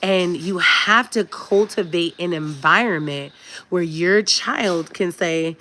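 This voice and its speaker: A woman's voice: fairly low pitch, slow pace, bright, forceful tone, slight background noise. Chatty woman giving parenting advice. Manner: chatty and emphatic, addresses viewers as y'all. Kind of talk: casual direct-to-camera advice talk.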